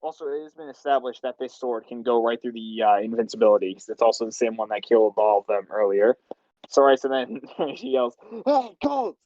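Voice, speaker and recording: A man's voice: mid-range voice, a little fast, a little mellow, dull audio. A man directing a voice session, rambling and laughing as he explains the scenes. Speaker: machinima director and writer. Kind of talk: casual directing chat.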